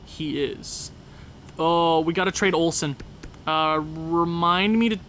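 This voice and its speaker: A man's voice: fairly high pitch, bright, forceful tone, a little hiss or hum. A young Canadian man giving casual, rambling commentary on a game, talking to himself with jokey asides. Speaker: gaming video creator.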